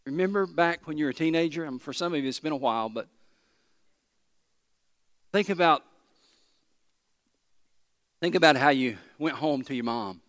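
Male pastor, fairly high voice, emphatic sermon delivery, long reverb of a church hall. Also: fairly bright tone. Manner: emphatic preaching, slows and repeats key phrases.

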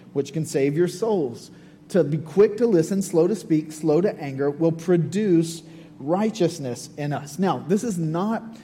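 A man's voice: fairly high pitch, warm tone. A man giving a sermon as a pastor, earnest and conversational, with repeated phrases. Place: church sanctuary. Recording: long hall reverb, faint hum.

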